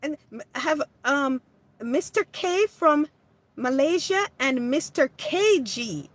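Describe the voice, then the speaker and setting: A woman hosting a casual livestream, chatting with viewers in a gentle, hesitant way full of restarts. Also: high-pitched, expressive, slow pace, no echo. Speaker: livestream host. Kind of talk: casual livestream chat reading comments.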